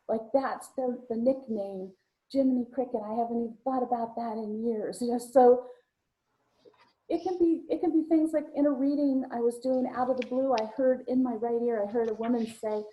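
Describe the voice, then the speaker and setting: A woman's voice: on the high side, warm tone, poor audio. A woman co-hosting a live video-call show as a psychic medium, chatting casually and telling anecdotes with a ready laugh. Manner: chatty storytelling, quick to laugh.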